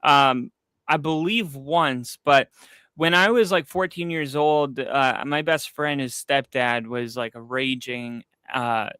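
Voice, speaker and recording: A man's voice: mid-range voice, slow, smooth, no echo. Rambling man telling stories, dry close mic. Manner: rambling, animated storyteller with frequent fillers. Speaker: podcast co-host. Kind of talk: casual storytelling chat. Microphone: streaming setup, close mic.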